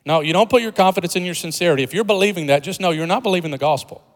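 A man's voice: high-pitched, very fast. Man preaching in a reverberant hall. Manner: conversational preaching with humor, building to emphatic rises. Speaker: pastor. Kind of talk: sermon.

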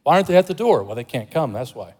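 A male pastor preaching a sermon in a conversational, humorous way, with jokes and asides. He swings between loud, emphatic lines and quiet, muttered remarks, and he sounds excited. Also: mid-range voice, fast, breathy edge, low-quality recording.

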